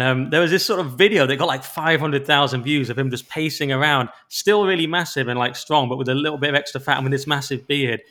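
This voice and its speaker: A man co-hosting a podcast in casual chat. He is quick, animated and opinionated, and often restarts his sentences. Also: medium pitch. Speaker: podcast co-host.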